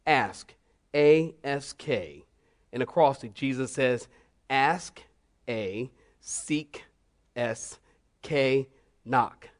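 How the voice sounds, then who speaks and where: A man preaches to his congregation with a voice pitched a little above most men. He swings between playful storytelling and slow, careful teaching, spelling out words for note-takers. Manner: animated, humorous storytelling with mock voices; teacherly, spells out acrostics slowly. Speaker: pastor. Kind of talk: sermon. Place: church.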